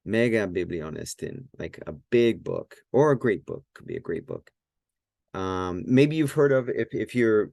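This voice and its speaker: A man's voice: on the low side, gravelly, darkish tone, no room sound, studio quality. A man teaching Greek at a whiteboard in a casual, thinking-aloud way, with many fillers and self-corrections.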